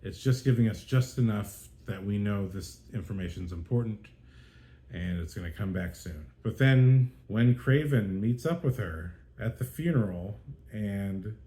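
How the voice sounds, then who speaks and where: A man's voice: lowish voice, lively intonation, a little slow, mellow. A man hosting a podcast and reviewing a film in a casual way. He sounds exasperated and rants with lots of fillers and restarts. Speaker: podcast host. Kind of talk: casual spoken movie review.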